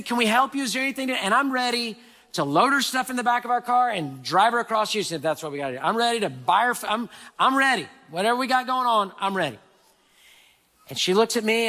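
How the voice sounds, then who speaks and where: A man preaching a sermon, telling a story with sudden loud and soft swings. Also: sits high, expressive, a little fast. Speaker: pastor. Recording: hall reverb.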